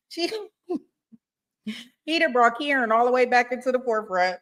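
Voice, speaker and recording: A woman's voice: fairly high pitch, expressive, measured pace, long pauses, fairly bright tone. Chatty woman commenting live on a trial. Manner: chatty, laughs often, talks to viewers.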